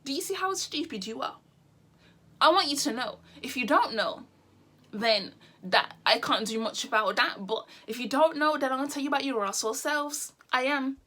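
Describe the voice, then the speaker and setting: A woman's voice: high voice, moderate pace, bright, forceful tone. A woman vlogger ranting blunt and exasperated to the camera, repeating her points.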